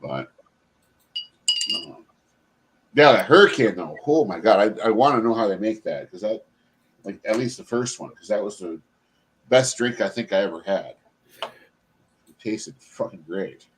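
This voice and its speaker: A man's voice: on the low side, animated, a little slow, pauses often. Laughing man in casual chat, faint hiss. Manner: laughs a lot, swears freely. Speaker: stream host.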